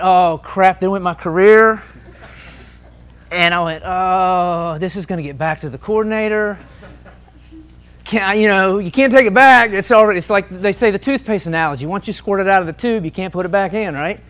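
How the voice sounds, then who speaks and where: A man telling lively officiating stories to an audience at a meeting, acting out the shouted lines. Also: sits high, normal speed. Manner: animated anecdotes, shouting out quoted lines. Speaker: sports official and speaker. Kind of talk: storytelling talk to an audience.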